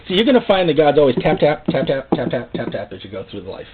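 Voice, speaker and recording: A man preaching a sermon in an animated way, often acting out God's voice and the people he quotes. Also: on the high side, fast, breathy edge. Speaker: pastor. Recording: phone-like narrow sound.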